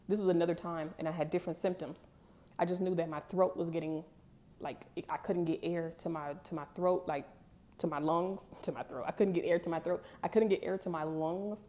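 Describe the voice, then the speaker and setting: A young woman talks straight to her viewers, candid and emphatic. Her voice sits a little low, with a warm, mellow tone. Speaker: vlogger. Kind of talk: casual storytelling to camera.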